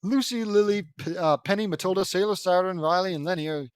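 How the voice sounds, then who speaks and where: A man's voice: high voice, brisk, clear, resonant tone, dry recording. A man reading a fan story aloud, breaking off with sarcastic, exasperated comments and swearing. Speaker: fan fiction reader.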